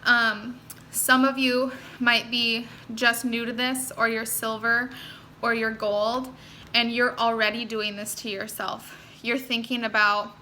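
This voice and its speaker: Bright-voiced woman giving an earnest pep talk. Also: on the high side, flat delivery, slow pace, a little hiss or hum. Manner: earnest, encouraging, speaks directly to listeners. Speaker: network marketing team leader. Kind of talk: motivational talk to her team.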